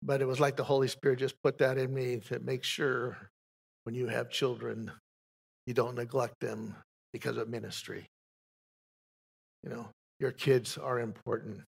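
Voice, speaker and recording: A man's voice: mid-range voice, little pitch movement, moderate pace, creaky, pauses often, breathy edge. An older man, a pastor, giving a folksy spoken testimony from the pulpit, telling stories with frequent restarts.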